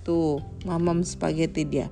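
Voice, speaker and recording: A woman's voice: deep voice, little pitch movement, measured pace, vocal fry, dark tone, faint music behind. A mother at home reading a picture book aloud to her young child, stopping to chat and explain the story as she goes. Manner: switches between reading and chatting to the child.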